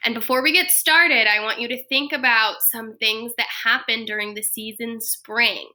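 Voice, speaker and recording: A woman's voice: on the high side, normal speed. A woman, a first grade teacher, cheerfully reading a picture book aloud to young children. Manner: cheerful, expressive storytelling.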